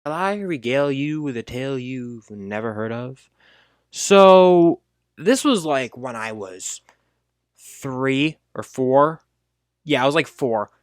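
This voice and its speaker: A man casually telling a funny childhood story, rambling with fillers and self-corrections and jumping up high when he acts out his younger self. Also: animated, slow, clean tone, no room sound, clean studio sound. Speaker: storyteller host.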